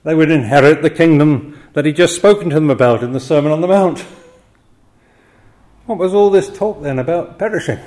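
A man's voice: on the high side, moderate pace, long pauses, a little mellow. An older man preaching an expository sermon, often chuckling between points and voicing the quoted cries with drama.

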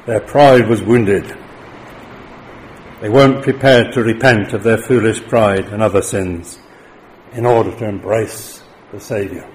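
A man's voice: a little hiss or hum, poor audio. Man preaching a sermon with rising emphasis. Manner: rises to emphatic declarations, drops low for solemn points.

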